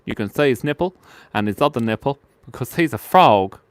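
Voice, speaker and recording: Giggly Australian man with lively pitch. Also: normal speed, no room sound. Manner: playful and giggly, joking with viewers. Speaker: host of a live drawing stream. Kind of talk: casual live drawing chat.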